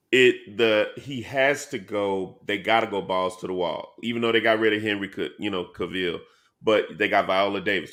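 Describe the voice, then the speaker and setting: A man's voice: low-pitched, fairly bright tone. A man co-hosting a casual podcast who talks emphatically in slang and keeps saying "bro". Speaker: podcast co-host. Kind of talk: casual chat.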